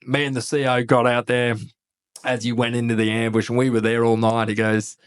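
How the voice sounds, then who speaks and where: A man in his thirties with an Australian accent, a former army officer telling stories in a casual podcast interview, animated and laughing, swearing freely. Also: medium pitch, a little fast, clear, resonant tone. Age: 30s. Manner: animated, laughing, swears a lot, acts out quotes.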